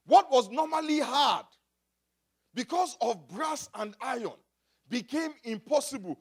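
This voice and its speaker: A male pastor from Africa delivers a sermon in a voice pitched high for a man. His delivery swings widely in pitch as he builds from quiet asides to loud, shouted points. He calls out to the congregation for responses. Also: lively intonation, unhurried, slightly rough.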